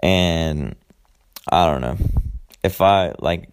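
A man with a very deep voice and a gravelly, creaky edge gives a casual movie recap. He curses constantly, rambles through fillers and side remarks, and talks like he's chatting with friends. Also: slow. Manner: profane, rambling, heavy swearing; loose storytelling with many fillers and asides. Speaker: podcast host.

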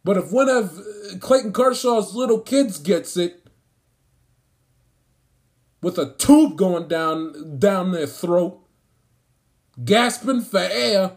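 A man's voice: sits high, expressive, takes it slowly, pauses often. A man ranting about sports, indignant and emphatic, hammering his points by repeating phrases. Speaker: sports commentator. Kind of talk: angry sports rant.

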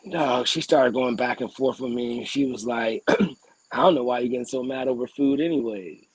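Husky man telling a heated story. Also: mid-range voice, moderate pace, no echo, poor audio. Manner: animated, profane, acts out quoted exchanges. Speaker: podcast co-host. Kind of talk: casual storytelling.

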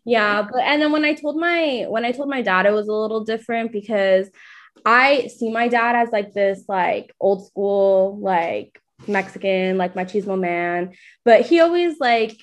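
A woman's voice: mid-range voice, a little slow. A young woman in casual chat, telling a personal story, acting out what others said and laughing often. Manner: animated storytelling, acts out quotes, laughs often. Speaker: guest sharing a coming-out story.

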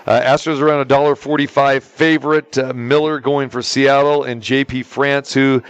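Stat-heavy co-host, mid-pitched man. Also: level tone, normal speed, clean tone, no room sound. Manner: lots of "uh" fillers, reels off stats. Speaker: sports betting co-host. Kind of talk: casual sports betting talk.

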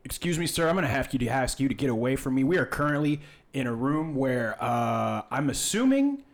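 A man voicing a pompous, hot-tempered male guard who speaks loudly and officiously and is quick to accuse. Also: medium pitch, sing-song, lightly acted. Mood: suspicious.

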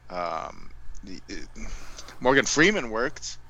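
A man's voice: lowish voice, big pitch swings, takes it slowly, bright, forceful tone, lo-fi sound. A man co-hosting a casual podcast chat, rambling through asides and correcting himself as he goes. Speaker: podcast co-host.

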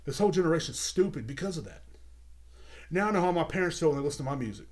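A man's voice: on the high side, lively intonation, very fast. A young man hosting a podcast, ranting heatedly and repeating himself with constant swearing. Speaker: podcast host. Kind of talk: profane rant. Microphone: video podcast mic.

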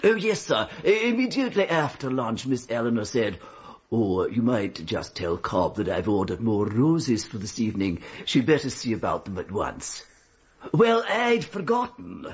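A man's voice: mid-range voice, big pitch swings, moderate pace, breathy edge. An actor playing a deferential, correct male butler in a vintage radio drama, polite and a little hesitant. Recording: dull old radio recording.

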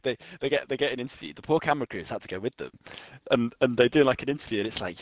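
A young man chatting casually, his story full of restarts and laughter. His voice sits at an ordinary pitch. The recording is close and dry with no room sound. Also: lively intonation, racing, few pauses, no echo. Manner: rambling, laughing retelling with many restarts. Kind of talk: casual chat.

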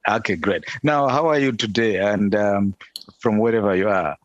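A middle-aged man hosting a podcast interview, friendly and a little halting as he asks his questions. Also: lowish voice, lo-fi sound. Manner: friendly, a bit halting, with fillers. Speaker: podcast host.

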